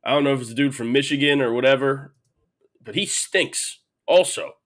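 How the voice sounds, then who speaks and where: A man's voice: mid-range voice, normal speed. A man co-hosting a betting podcast, giving blunt short verdicts in casual chat. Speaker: podcast co-host.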